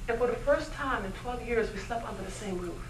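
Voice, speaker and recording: A woman giving a motivational keynote speech at a luncheon, animated and constantly asking the audience questions. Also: on the high side, a little fast, background noise. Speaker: keynote speaker. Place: luncheon event hall. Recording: echoey hall, mic from far off.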